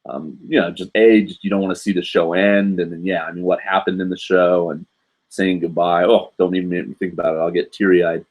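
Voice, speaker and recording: A man's voice: low-pitched, little pitch movement, a little fast, darkish tone. A man in his forties from the United States, hosting a live show and chatting in a rambling way, with lots of fillers and asides. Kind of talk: casual live stream chat.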